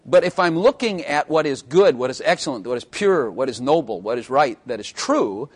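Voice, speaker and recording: A male pastor delivers a sermon in a plain, mid-pitched voice. He teases his congregation with deadpan jokes, speeding through asides and stretching out the words he wants to land. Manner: wry, joking asides with quick bursts and drawn-out emphasis.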